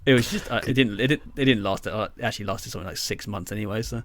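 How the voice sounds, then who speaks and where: Rambling man, low dry voice. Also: rapid-fire, no echo. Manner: rambling storyteller, filler-heavy, swears casually. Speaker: podcast co-host. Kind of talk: casual chat.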